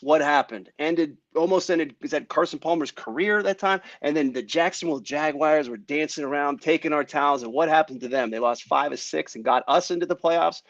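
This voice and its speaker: A man's voice: on the high side, brisk, few pauses, dry recording. Joking male guest on a dull line. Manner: joking, passionate football fan banter. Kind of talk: casual sports talk.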